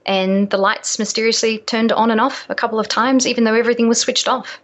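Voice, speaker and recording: A woman's voice: fairly high pitch, fairly even intonation, fairly quick. A woman, an author guest on a radio show, telling stories in a hesitant way with many fillers. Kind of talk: interview storytelling.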